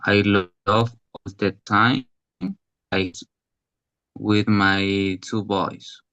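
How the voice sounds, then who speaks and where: A man who is a Spanish-speaking student reading a short text aloud in English class, careful and halting. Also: on the low side, little pitch movement, a bit bright, dry recording, highs cut off.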